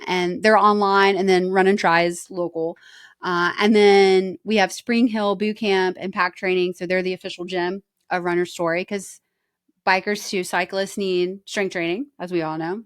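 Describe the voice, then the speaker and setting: Smooth-voiced woman podcast guest. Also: on the low side, flat delivery, moderate pace, no echo, clean studio sound. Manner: laughs often, short back-channel replies. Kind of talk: casual conversation.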